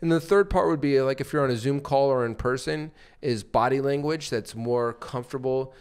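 A man's voice: mid-range voice, moderate pace, clear, resonant tone. A man co-hosting a podcast, explaining sales techniques in loose casual talk full of fillers and restarts, often acting out short examples. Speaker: podcast co-host and sales coach.

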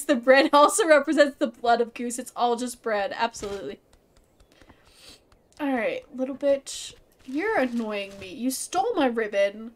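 A woman's voice: fairly high pitch, lively intonation, measured pace. A woman streaming a video game, chatting playfully with viewers in a bubbly, casual way with some swearing. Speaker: gaming streamer. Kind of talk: let's play commentary.

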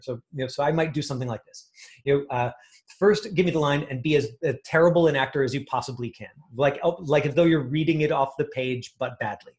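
A man's voice: medium pitch, quick pace, a little mellow. A man coaching an acting class, talking in a rambling way with many fillers and restarts.

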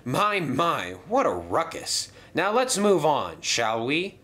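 Man voicing a prim genteel crane, raised pitch, lilting. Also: huge pitch swings, slow pace, bright, forceful tone, exaggerated voice. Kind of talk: toy train story voice acting.

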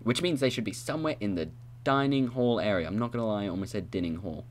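A man's voice: on the low side, quick pace, lightly acted. A man voicing a chatty, self-satisfied male scissors expert in a video game, speaking in a grand, long-winded way. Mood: pompous.

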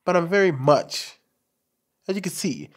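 A young man with a soft, light voice he calls feminine, telling a candid personal story to camera in an expressive, forward way and talking with his hands. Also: high voice, a little slow. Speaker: commentary channel host.

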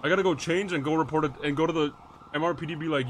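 A man role-playing a mechanic in a game, excitable, slangy and swearing a lot. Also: on the high side, rapid-fire, a little hiss or hum. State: out of breath. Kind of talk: in-character game role-play.

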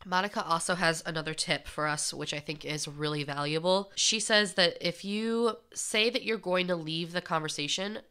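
Low-voiced woman, bright, smooth podcast co-host. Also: moderate pace, hardly any pauses. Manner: relaxed, conversational, with light laughter. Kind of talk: casual podcast discussion.

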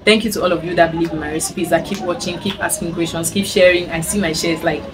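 A woman from Cameroon in her thirties, chatting bubbly and fast while she cooks at home for her vlog. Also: lowish voice, fairly even intonation. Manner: bubbly and chatty, often bursting into song. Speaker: cooking vlogger. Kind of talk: casual cooking chat. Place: home kitchen. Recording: distant mic with clear background noise.

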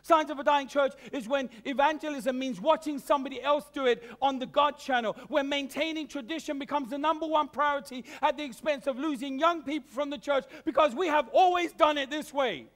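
A man's voice: very high voice, brisk, few pauses, fairly bright tone. A man preaching a sermon, telling a story animatedly with stammered repeats of words.

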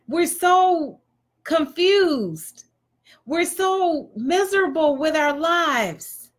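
High-voiced, slow, emphatic woman speaker. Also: fairly bright tone. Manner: emphatic, preachy, with rhetorical questions. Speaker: motivational speaker. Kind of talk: motivational talk.

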